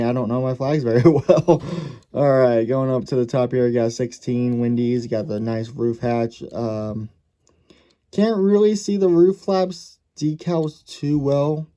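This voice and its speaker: Dark-voiced man rambling through a hobby review. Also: mid-range voice. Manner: rambling, self-correcting, thinking aloud. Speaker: diecast collector reviewing a model car.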